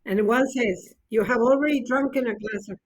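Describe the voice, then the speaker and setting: A woman's voice: a little high, normal speed, husky. A woman teaching an English grammar class, encouraging her students and explaining each point patiently, with glosses.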